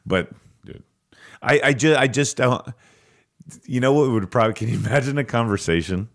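A man's voice: mid-range voice, animated, moderate pace, gravelly. A man co-hosting a local news podcast, chatting casually and joking around with his co-host. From United States. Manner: joking, quotes movie lines, laughs often. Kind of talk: casual banter.

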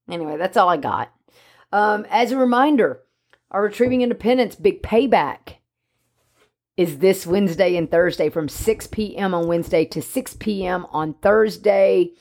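A woman co-hosting a casual podcast chat, animated and jokey. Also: medium pitch, normal speed. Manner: animated, jokey, speaks for the dog in mock voices. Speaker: podcast co-host, dog trainer.

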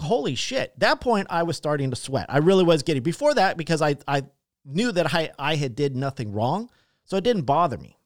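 Profane, animated man telling a story. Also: fairly high pitch, dry recording, studio quality. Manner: animated, profane, acts out shouted quotes. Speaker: podcast host. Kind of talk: casual storytelling monologue.

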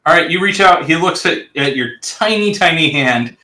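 Bright-voiced man running a tabletop game. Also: on the high side, expressive. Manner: descriptive, halting with fillers. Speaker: game master. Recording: roomy echo.

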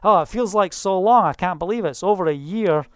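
A preacher, delivering a sermon in a fast, fervent style with frequent hallelujahs. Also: medium pitch, no echo, studio quality.

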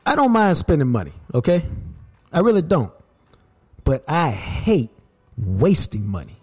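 A man's voice: fairly high pitch, measured pace, husky. A man hosting a podcast, telling stories in an emphatic, worked-up way. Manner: animated, emphatic storyteller who gets worked up. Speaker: podcast host. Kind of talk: casual podcast chat.

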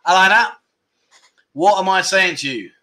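Male livestream host, middle-aged, bright slightly high voice, loose rambling delivery. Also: normal speed. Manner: chatty, self-interrupting, laughing at his own slips. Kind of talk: casual livestream chat.

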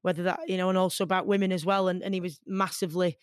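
A woman's voice: lowish voice, very fast, clear, resonant tone, no room sound, studio quality. Earnest Mancunian woman in an interview. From Manchester, England. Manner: earnest and animated, many fillers. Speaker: guest, boxer. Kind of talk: conversational interview.

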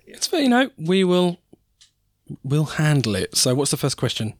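A man's voice: fairly high pitch, very animated, moderate pace, dry recording, clean studio sound. A man co-hosting a casual sports podcast, chatting and joking. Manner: banter, swears casually. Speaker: podcast co-host.

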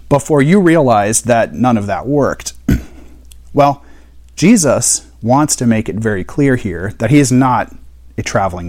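A man's voice: medium pitch, a little mellow. A man teaching a Bible study in a conversational way, explaining and asking rhetorical questions.

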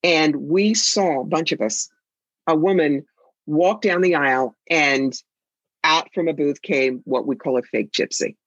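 A woman's voice: sits low, unhurried, slightly rough, dry recording, muffled recording. A woman psychic and author telling stories in an interview, with a sassy, theatrical manner. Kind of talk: interview conversation.

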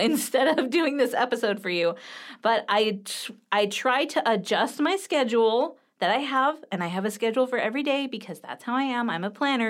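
A woman in her thirties talks on her own podcast in a loose, candid way. She speaks straight to her listeners and fills her sentences with ums and likes. Her voice sits at an ordinary middle pitch for a woman. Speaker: podcast host. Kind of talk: casual solo podcast talk.

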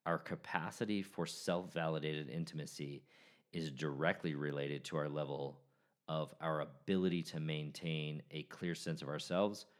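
Low-pitched man, forties, podcast host, easygoing and chatty with restarts. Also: fairly even intonation, moderate pace. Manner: casual, joking, restarts often. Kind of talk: solo podcast talk.

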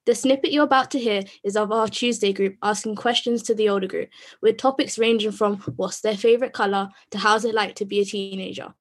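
A woman's voice: mid-range voice, fairly even intonation, a little fast. A British woman presenting a podcast, reading a scripted segment intro in an upbeat way. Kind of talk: scripted announcement.

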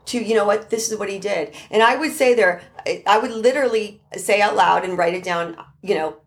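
A woman's voice: mid-range voice, fairly quick, hardly any pauses. A middle-aged woman speaking as a life coach in an earnest motivational talk, repeating key phrases for emphasis.

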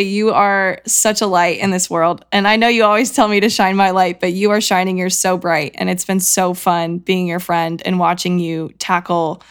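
A woman's voice: on the low side, flat delivery, normal speed, few pauses, smooth. A woman hosting a podcast, speaking effusively and emotionally, heaping praise on her guest, her voice tearful at times. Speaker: podcast host. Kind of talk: podcast interview.

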